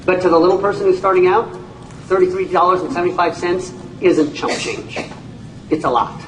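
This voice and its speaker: A man, a company CEO, giving an animated training talk to an audience, telling stories and acting out people's reactions with folksy exclamations. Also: high-pitched, brisk, slight background noise. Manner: storytelling, acts out voices, folksy exclamations. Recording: echoey room, speaker far from mic.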